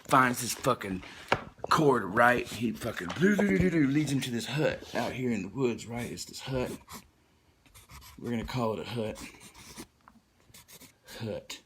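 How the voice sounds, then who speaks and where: A man's voice: medium pitch, a little slow, pauses often, noisy background. A man telling a rambling, profane comic recap in a laid-back way, with laughing asides. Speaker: storyteller.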